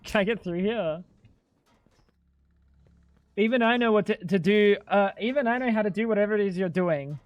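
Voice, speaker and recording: A man's voice: sits high, normal speed, pauses often, no room sound. A man streaming a game in casual chat, explaining things bluntly and with some exasperation, swearing freely. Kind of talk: casual livestream chat while gaming.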